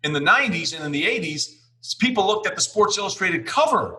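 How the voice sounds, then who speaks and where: A man's voice: high-pitched, sing-song, fairly quick, sharp tone, low-quality recording. A man hosting a podcast interview, upbeat and setting up questions for his guest. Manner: upbeat, scripted toasting intro. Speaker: podcast host.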